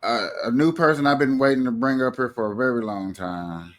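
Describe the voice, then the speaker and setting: A man's voice: mid-range voice, fairly quick, a bit bright. A man hosting a livestream in a casual, easygoing way, running the show and handing out points to guests. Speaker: livestream host. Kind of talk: casual chat.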